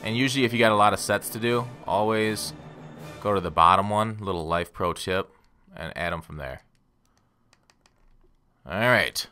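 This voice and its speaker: A man's voice: fairly low pitch, moderate pace, pauses often, sharp tone, clear, resonant tone, soft background music. A man giving rambling, casual commentary on his gameplay and talking straight to his viewers. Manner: rambling, self-deprecating, talks to viewers. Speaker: gaming YouTuber.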